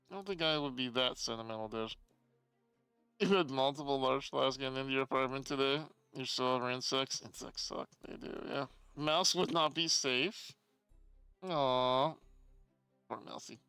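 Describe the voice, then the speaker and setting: A man's voice: mid-range voice, pushed and bright, clean tone, dry recording, poor audio. A man chatting casually with his live-stream chat, reading out messages and telling stories with a lot of swearing, from his home streaming room.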